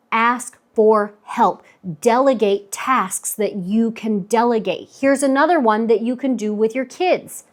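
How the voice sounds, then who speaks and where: Woman, 30s, stay-at-home mom vlogger; earnest, emphatic delivery with repeated points, slightly high voice. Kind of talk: casual advice talk to camera.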